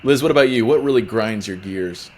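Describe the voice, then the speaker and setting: A man's voice: on the low side, fairly quick, darkish tone, a little hiss or hum. A man hosting a casual podcast interview, asking lighthearted questions in a playful way. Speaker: podcast host.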